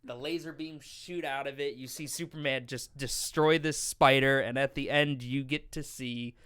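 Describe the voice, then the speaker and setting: A man co-hosting a podcast movie review, chiming in with agreements and quick asides in casual chat. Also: mid-range voice, fairly even intonation, a bit bright, clean tone, no room sound, clean studio sound.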